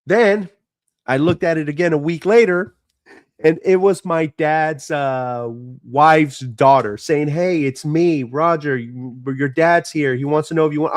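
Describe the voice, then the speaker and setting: A man livestreaming a raw, swearing-heavy account of his family, talking frankly and venting as he goes. His voice sits a little high for a man, and the sound is close and dry with no room around it. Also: moderate pace, dry recording. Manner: frank, profane, emotional venting. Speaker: streamer. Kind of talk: casual personal storytelling.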